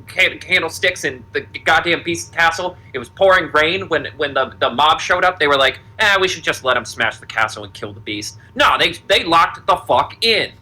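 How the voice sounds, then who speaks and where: A young man co-hosting a podcast, chatting casually in an animated, rambling, profane way. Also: on the high side, low-quality recording. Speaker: podcast co-host. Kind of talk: casual chat.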